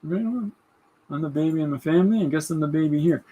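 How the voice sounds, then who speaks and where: A man's voice: fairly high pitch, fast, mellow, slightly rough, muffled recording. A man in his fifties hosting a podcast, chatting in a rambling way and reading out viewer comments. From Canada. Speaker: podcast host. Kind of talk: casual livestream chat.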